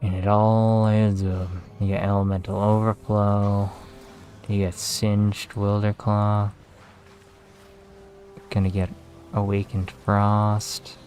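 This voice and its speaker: A man giving casual, relaxed commentary while playing a game, tired and talking to himself with some swearing. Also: fairly low pitch, takes it slowly, long pauses, soft background music. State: tired, yawning. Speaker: gaming video creator.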